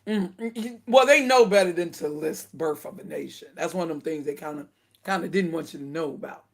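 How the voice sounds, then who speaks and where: A woman giving casual spoken commentary to her viewers, indignant and animated, laughing between her points. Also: deep voice, a little fast, vocal fry. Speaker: video commentator.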